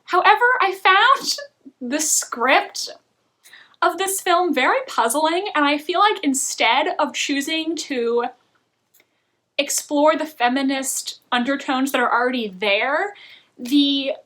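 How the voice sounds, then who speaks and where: A young woman talks through her recent TV watching in a relaxed vlog, chatty and opinionated. Her voice sits high and bright, and she often laughs mid-sentence. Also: takes it slowly. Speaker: book and TV vlogger. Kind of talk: casual review chat.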